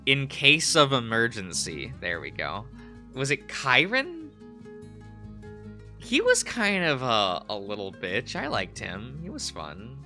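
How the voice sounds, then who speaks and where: Giggly, bright-voiced male streamer. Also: mid-range voice, huge pitch swings, slow, faint music behind. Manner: giggly, laughs often between phrases; rambling, searching for words. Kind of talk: casual stream chat while drawing.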